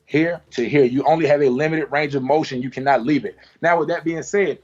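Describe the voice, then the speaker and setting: A man with a slightly high voice leads a hands-on haircutting class in a salon. He talks through each move with repeated cues like "watch this." The sound is dull and lo-fi. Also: a little fast, darkish tone, faint music behind. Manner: demonstrative, repetitive cues, playful sound effects. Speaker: barber educator.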